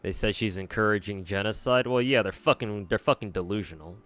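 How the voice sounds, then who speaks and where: Low-voiced, profane streamer. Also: male voice, a little fast, fairly bright tone, faint music behind. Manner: blunt and profane, drawling with many fillers. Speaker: gacha game streamer. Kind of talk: casual live-stream chat reading viewer comments.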